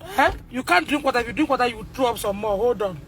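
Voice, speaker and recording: A Nigerian woman speaking on a phone livestream, distressed and loud, re-enacting conversations as a mother. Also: a little high, animated, quick pace. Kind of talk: emotional livestream testimony.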